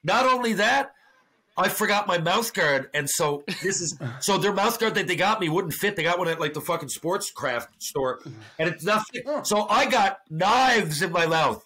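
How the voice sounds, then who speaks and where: A man telling a wild story on a podcast, casual and animated, swearing freely. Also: sits high, moderate pace, slight background noise. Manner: profane, animated anecdote-telling. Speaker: podcast guest.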